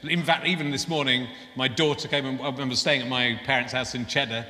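Bright-voiced male host in a live hall. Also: medium pitch, fairly even intonation, fast talker. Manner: rambling, many restarts. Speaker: podcast host. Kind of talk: live podcast interview. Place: festival stage before an audience.

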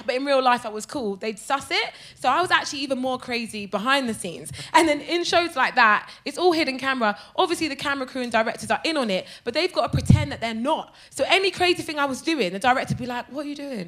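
A woman comedian telling a story as a podcast guest, lively and theatrical, laughing often and swearing freely. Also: high voice, quick pace.

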